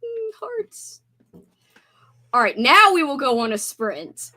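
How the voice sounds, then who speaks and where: A woman's voice: high-pitched, very animated, slow pace, bright, forceful tone. A young woman hosting a livestream, chatting casually in a bubbly way and laughing easily. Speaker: livestream host. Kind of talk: casual chat.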